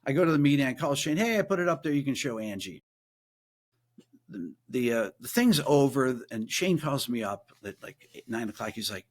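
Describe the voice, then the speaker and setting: A man, a guest musician and producer, telling a story casually in a podcast interview and acting out quoted voices in a higher pitch. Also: very animated, a little fast.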